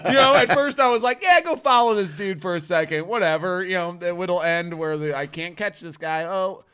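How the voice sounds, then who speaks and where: A man hosting a casual chat, telling a wild story full of swearing and loudly acted-out quotes. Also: high voice, normal speed, a little hiss or hum. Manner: profane, animated storyteller, acts out quotes loudly. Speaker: host.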